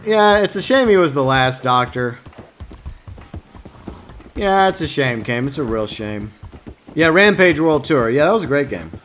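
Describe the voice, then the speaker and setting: A man's voice: fairly high pitch, lively intonation, unhurried, long pauses, a bit bright, a little hiss or hum. A man chatting casually during a live game stream, answering viewers and joking in a mock-whiny way.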